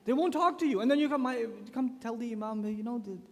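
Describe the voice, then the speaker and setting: A man speaking at a youth conference, giving a religious lecture with animated storytelling and acted-out quotes. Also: very high-pitched, fast talker, slight background noise. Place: large conference hall. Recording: long echo of a large conference hall.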